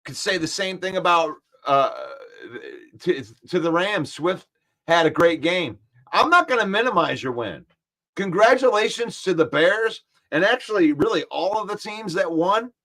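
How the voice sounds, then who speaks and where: Male sports-stream host, fairly high-pitched, animated and combative. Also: normal speed. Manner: animated, argumentative, repeats points for emphasis. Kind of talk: casual live-stream chat, reading comments.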